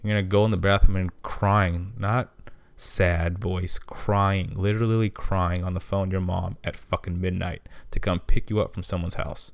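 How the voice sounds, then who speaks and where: A man's voice: deep voice, flat delivery, normal speed, vocal fry, hardly any pauses, clear, resonant tone, dry recording. A man hosting a podcast, ranting casually with heavy profanity and heated complaints. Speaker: podcast host. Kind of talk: casual monologue rant.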